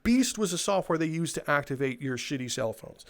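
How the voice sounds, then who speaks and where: Man, young adult, slightly high voice, exasperated, sarcastic, profane comedic rant. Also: animated, brisk. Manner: sarcastic, exasperated, swears freely. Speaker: comedic storyteller.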